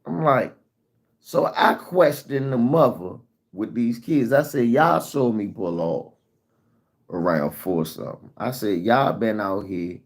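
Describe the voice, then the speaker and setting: Low-voiced man telling a frantic story. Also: slow, vocal fry. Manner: animated storytelling with heavy profanity. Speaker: vlogger. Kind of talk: casual storytime.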